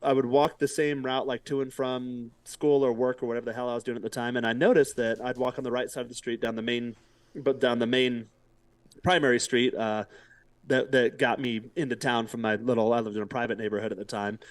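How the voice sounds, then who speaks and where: A man's voice: medium pitch, level tone, brisk, no echo. A man, a podcast guest, telling a story casually and acting out quotes, with casual swearing. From United States.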